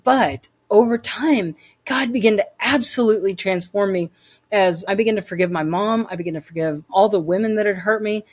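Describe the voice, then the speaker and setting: A woman's voice: mid-range voice, a little fast. A woman telling her personal faith story as an interview guest, earnest and emphatic, often repeating words as she restarts.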